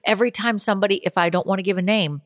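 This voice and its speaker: A woman in casual chat, trading quick jokes and teasing. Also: mid-range voice, steady tone, no room sound, clean studio sound, long reverb tail. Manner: quick jokey banter. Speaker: podcast co-host.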